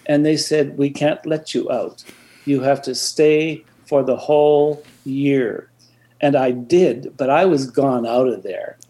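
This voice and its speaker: A man's voice: mid-range voice, fairly even intonation, measured pace, dark tone. An older man as an interview guest, reflecting on his past in a hesitant storytelling way, with many restarts.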